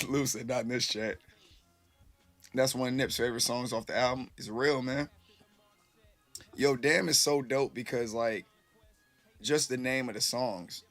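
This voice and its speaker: A man's voice: medium pitch, steady tone, a little slow, long pauses, fairly bright tone, soft background music. A man casually chatting with his live-stream viewers, rambling loosely and swearing freely, a little tipsy.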